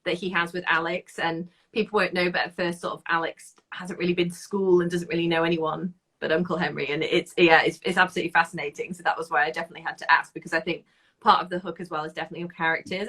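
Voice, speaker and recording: A woman author hosts a relaxed conversation with another writer, asking her questions with plenty of enthusiasm. Her voice sits somewhat low, and she talks in a chatty, easygoing way, often breaking into laughter. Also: fast talker. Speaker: interviewer, author. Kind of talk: casual conversational interview.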